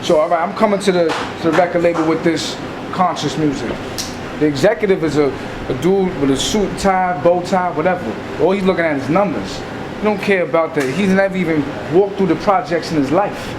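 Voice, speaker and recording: A man's voice: a little high, a little fast, noisy background. A man from Staten Island, giving an interview in casual talk and acting out scenes to make his point. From Staten Island, New York.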